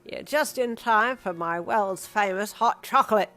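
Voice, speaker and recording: Woman doing a shrill warbly old grandpa. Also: a little slow, faint music behind. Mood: playful. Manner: loud, calling out from afar. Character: elderly playful grandfatherly man, warbly.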